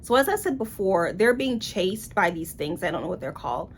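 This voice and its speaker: A woman's voice: medium pitch, big pitch swings, fairly quick, a little hiss or hum. A woman giving a casual book review in a blunt, sarcastic way.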